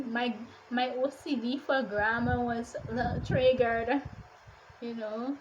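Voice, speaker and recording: A woman's voice: fairly high pitch, steady tone, a little slow, lo-fi sound, background noise. A woman chatting casually through a book wrap-up, with exasperated rhetorical questions and a lot of "like.". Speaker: book reviewer.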